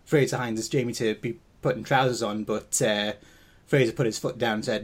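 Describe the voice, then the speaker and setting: A man's voice: on the low side, fairly even intonation, fast talker, husky. A man co-hosting a podcast, easygoing and thoughtful in conversation. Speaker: podcast co-host. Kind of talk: casual podcast chat.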